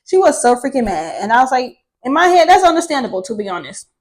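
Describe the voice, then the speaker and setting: Young woman on camera, a bit high-pitched, blunt and sweary, casual storytelling. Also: fast, poor audio. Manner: candid and profane, swears freely; animated, with laughter. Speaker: vlogger telling her life story.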